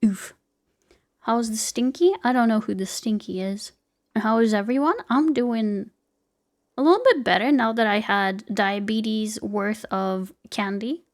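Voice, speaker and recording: A woman's voice: fairly high pitch, unhurried. A young woman streaming a game live, chatting playfully with viewers and swearing casually.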